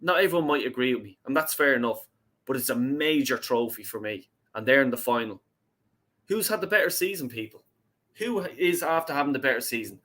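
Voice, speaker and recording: A man's voice: medium pitch, expressive, fairly quick, a bit bright. Irish man, young, casual live-stream host, sweary chat. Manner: swears a lot, reads out chat messages. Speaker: host of a fan call-in show.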